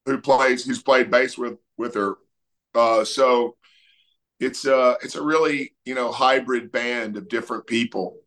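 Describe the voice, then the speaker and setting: Laid-back musician, easygoing drawl. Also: male voice, medium pitch, a little slow. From Texas. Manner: relaxed storytelling, many fillers. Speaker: musician guest. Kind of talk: casual interview chat.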